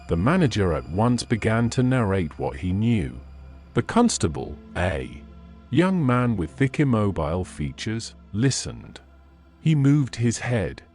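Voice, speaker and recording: Slow, expressive male audiobook narrator. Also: on the low side. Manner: measured, expressive reading. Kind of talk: scripted narration of a classic story.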